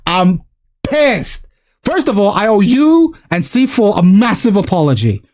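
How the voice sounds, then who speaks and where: A man's voice: high voice, huge pitch swings, moderate pace, darkish tone. A man hosting a live stream, ranting in exasperation and swearing as he talks with a guest. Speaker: streamer host. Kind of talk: casual live-stream chat.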